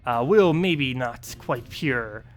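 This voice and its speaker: A man voicing a male dwarf engineer in a video game, speaking in a put-on brogue with a slow, halting delivery full of pauses. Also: medium pitch, animated, soft background music. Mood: hearty. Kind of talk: streamer reading game dialogue aloud.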